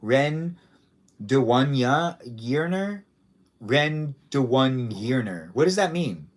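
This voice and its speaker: A man's voice: medium pitch, sing-song, slow pace. A man hosting a casual livestream, rambling playfully and repeating his own phrases as he chats with viewers and guests. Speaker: livestream host.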